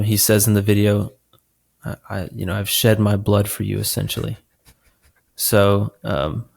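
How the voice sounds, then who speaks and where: Male podcast co-host, low gravelly voice, loose rambling delivery. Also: darkish tone. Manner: rambling, with many restarts and fillers. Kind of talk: casual podcast chat.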